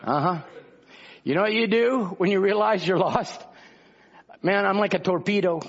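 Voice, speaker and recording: Male pastor, high raspy voice, impassioned conversational preaching, muffled recording. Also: normal speed. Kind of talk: sermon.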